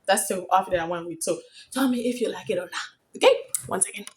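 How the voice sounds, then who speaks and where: A young woman from Africa telling a story in a casual vlog, chatty and excitable, getting loud when thrilled. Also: mid-range voice, quick pace. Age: young adult. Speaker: vlogger.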